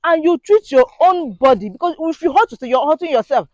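A vlogger delivers an indignant, preachy monologue to camera, packed with rhetorical questions for her viewers. Her high-pitched voice has lively intonation and runs a little fast, in a dry recording.

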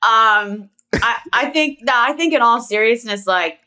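A woman's voice: fairly high pitch, animated, measured pace, bright, forceful tone. A woman with a Philadelphia accent co-hosting a sports podcast, chatty, laughing often and filling her speech with "like". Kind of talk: casual sports chat.

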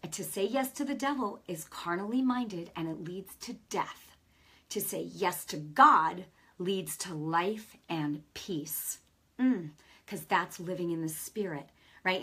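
Speaking to camera, this middle-aged host and Christian teacher preaches conversationally and emphatically on her Christian broadcast. Her voice leans low, a bit bright, with a breathy edge.

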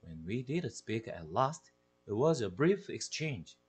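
A man with a Korean accent reading a children's novel aloud with expressive, deliberate delivery. His voice is husky, and his pitch moves in lively swings to carry the story. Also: faint music behind. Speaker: English teacher.

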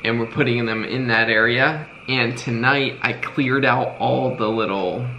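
A young man talks casually beside his co-host, his voice mid-pitched and easy. He rambles a little as he explains things. Faint background noise sits under the recording. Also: measured pace, highs cut off. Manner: relaxed, rambling. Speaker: vlogger, co-host. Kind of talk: casual vlog chat.

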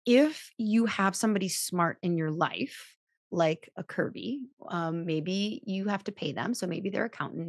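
A woman's voice: lowish voice, dry recording, clean studio sound. A woman chiropractor hosting a podcast, talking through business advice in a chatty, self-mocking way and acting out the voices she quotes. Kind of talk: casual advice talk.

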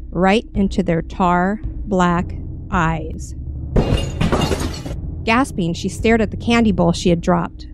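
A woman reading a horror story with measured, expressive narration. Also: mid-range voice, no room sound, clean studio sound. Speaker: story reader.

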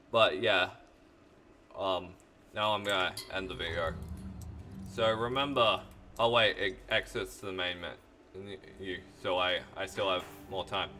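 A man slowly commentating over a video game in a bright, lowish voice, loose and profane as he jokes with a friend. A faint hiss of room noise runs under the recording. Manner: rambling, swearing, joking. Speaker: let's play host. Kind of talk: casual gaming commentary.

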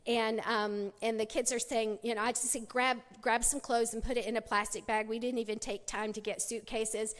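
A middle-aged conference speaker tells her personal testimony at a church women's conference, restarting often and voicing the people she quotes. Her voice is a little high with little pitch movement, at a moderate pace and with hardly any pauses. Long hall reverb fills the church sanctuary.

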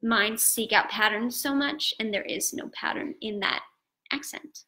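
A woman's voice: on the high side, unhurried, sharp tone, poor audio. A woman guest on a live-stream conversation, speaking earnestly and thinking aloud over a video call.

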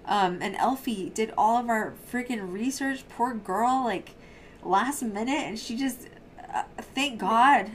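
A woman's voice: on the high side, measured pace, a little hiss or hum. A woman hosting a casual paranormal podcast, chatting in a bubbly, rambling way and telling stories. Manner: bubbly, rambling storyteller with frequent laughs. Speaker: podcast host. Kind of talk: casual chat.

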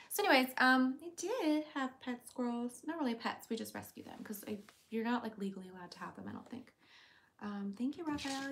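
Animated and a little fast, this woman hosts a casual livestream, chattily and playfully reading out comments from viewers. She switches to a high baby voice whenever she calls her cat.

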